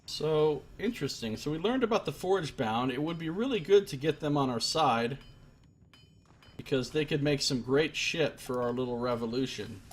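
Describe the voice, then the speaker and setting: A man streaming a game, giving loose, wry commentary with profane asides in a husky voice. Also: a little high, lively intonation, moderate pace, a little hiss or hum. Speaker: let's play streamer. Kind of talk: casual gameplay commentary.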